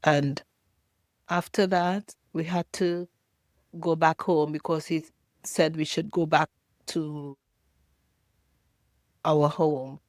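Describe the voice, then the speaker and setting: An older woman from Jamaica telling her own painful childhood story as a halting, emotional personal testimony. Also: sits low, fairly even intonation, darkish tone, dry recording, studio quality. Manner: halting, emotional, pausing often.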